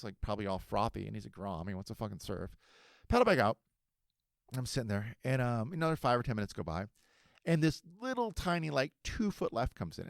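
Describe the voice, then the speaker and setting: A man in his forties from Southern California, hosting a podcast and telling a story in a profane, animated way. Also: mid-range voice, vocal fry, no room sound, clean studio sound. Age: 40s. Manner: animated, profane, quick-talking. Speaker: podcast host. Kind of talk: casual storytelling.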